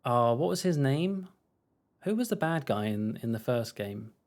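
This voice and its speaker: A man's voice: medium pitch, expressive, unhurried, darkish tone. A man casually chatting and rambling while streaming a game. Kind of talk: casual let's-play commentary.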